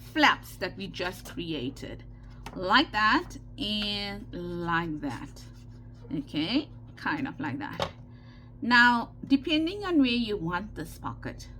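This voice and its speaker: South african indian lady crafter, casual tutorial chat, repeats herself a lot, mid pitch. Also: a bit bright, a little hiss or hum. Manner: chatty, repeats herself, frequent "okay" check-ins. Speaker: craft channel host.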